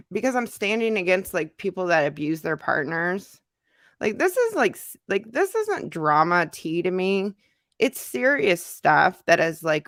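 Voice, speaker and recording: Earnest low woman with a gravelly voice. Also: a bit bright, no echo, studio quality. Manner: frustrated, earnest, many fillers and restarts. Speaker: commentary channel host. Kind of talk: casual talk to camera.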